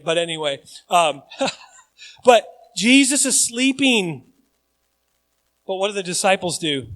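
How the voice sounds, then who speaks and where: A high-pitched man preaching to his congregation. He moves between relaxed, joking asides and loud, emphatic calls, leaning on the crowd with "right?". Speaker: pastor. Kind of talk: sermon.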